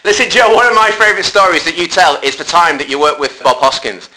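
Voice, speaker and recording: A man's voice: a little high, animated, quick pace, background noise. A man hosting a radio interview, asking questions in an upbeat, breezy way. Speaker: radio host.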